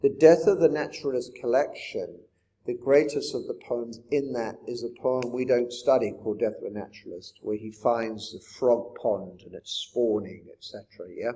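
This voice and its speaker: A man's voice: medium pitch, normal speed, mellow. A man teaching a poetry lesson in a reflective manner, often putting rhetorical questions to his listeners. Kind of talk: poetry lecture.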